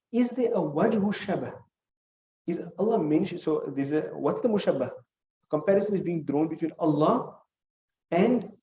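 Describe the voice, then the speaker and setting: A man's voice: a little high, mellow, echoey room, distant mic, muffled recording. A male teacher gives a classroom lecture, explaining with examples and putting questions to his students.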